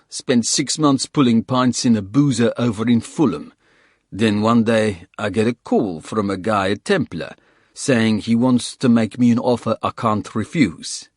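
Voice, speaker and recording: A man's voice: medium pitch, dry recording, clean studio sound, lightly acted. A man voicing a scruffy, wiry South African mercenary, cocky, crude and needling.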